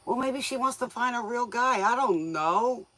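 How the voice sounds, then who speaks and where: A woman's voice: fairly high pitch, animated, moderate pace, fairly bright tone, no room sound. A woman hosting a tarot livestream, chatting casually with viewers in a folksy, joking way, often laughing and playfully scolding them.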